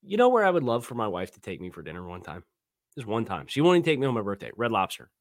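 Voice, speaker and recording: Male podcast co-host, animated and expressive, restarts his sentences, dry close-miked read. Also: on the low side, no echo. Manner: lively, quick restarts and self-corrections. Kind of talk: casual sports podcast chat.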